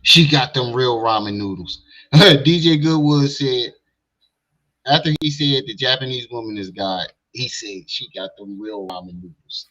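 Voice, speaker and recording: A man comments casually on a stream, blunt and skeptical as he picks apart what he hears. His voice is bright and forward. The audio is a little dull and muffled. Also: mid-range voice, measured pace. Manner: blunt, skeptical, talks back at the clip. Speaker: livestream commentator.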